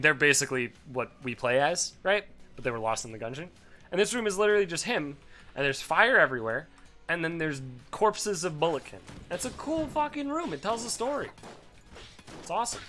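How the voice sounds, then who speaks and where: Animated young man rambling over gameplay. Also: fairly high pitch, brisk, faint music behind. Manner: rambling, swears freely, excitable bursts. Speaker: let's play host. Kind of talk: casual gameplay commentary.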